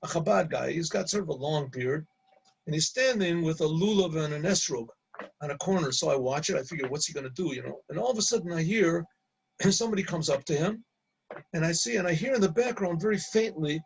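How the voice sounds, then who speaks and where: A middle-aged man, a rabbi, casually telling an anecdote, halting and repeating words and laughing at his own story. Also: on the high side, expressive, creaky, slightly rough, poor audio.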